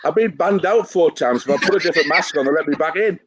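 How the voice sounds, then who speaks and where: A man's voice: fairly high pitch, fast talker, background noise. A man, a guest joking cheekily through casual banter on a video call. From England. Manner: cheeky, joking, laughing through his stories. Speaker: guest, fan taking over the show.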